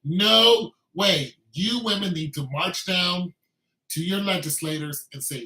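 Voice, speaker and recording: A man's voice: high-pitched, takes it slowly, sharp tone. A man delivering an emphatic, repetitive, scolding rant as a video commentator. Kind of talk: ranting commentary. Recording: echoey room.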